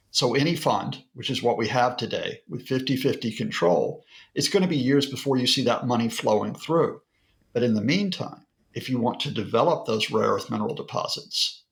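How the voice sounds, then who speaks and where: A man's voice: medium pitch, creaky, a bit bright. A male professor being interviewed as a guest analyst, explaining at length in a lecture-like way with occasional fillers. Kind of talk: broadcast interview.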